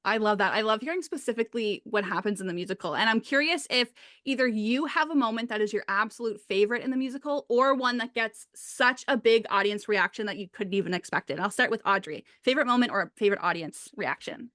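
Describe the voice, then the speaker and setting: Fast-talking gushing woman host. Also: on the high side, fairly bright tone, dry recording, studio quality. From Canada. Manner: gushing and enthusiastic. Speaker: podcast host. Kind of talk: casual podcast interview.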